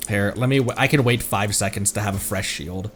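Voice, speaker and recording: A man's voice: fairly low pitch, brisk, a bit bright, soft background music. A man live-streaming a game in casual commentary, goofy and jokey, laughing at his own puns and reading in-game lore aloud.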